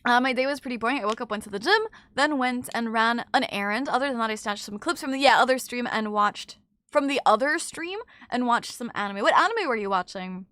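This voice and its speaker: Woman streamer, casual chat, bright crisp voice, slightly high, dry close sound, lots of filler. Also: brisk, no room sound. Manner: chatty, filler-heavy, trailing off with "I don't know". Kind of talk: casual chat reading viewer messages. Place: in bed at home.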